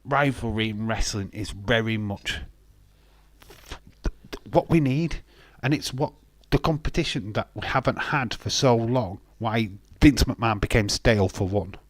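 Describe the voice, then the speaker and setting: Speaking at a measured pace with a fairly low pitch and no echo, a man with a Yorkshire accent runs a live watch-along. He chats casually, shares plenty of opinions, laughs a lot, and skips between subjects.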